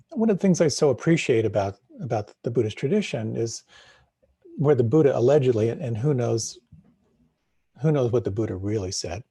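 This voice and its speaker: A middle-aged meditation teacher leads a live talk in a reflective, questioning manner, frequently restarting and repeating words. His husky, mellow voice has a gravelly edge and sits in the mid range. The sound is dry and close, with no room sound.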